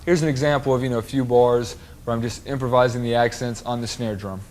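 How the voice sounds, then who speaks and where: Relaxed male drum instructor explaining. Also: medium pitch, quick pace. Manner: relaxed, explanatory, with frequent fillers.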